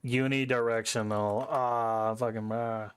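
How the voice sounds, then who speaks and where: A man's voice: mid-range voice, little pitch movement, measured pace, smooth, no echo. A young man streaming from his home desk, rambling casually with a lot of profanity and correcting himself as he goes, into a headset mic right by his face. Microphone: headset mic close to face.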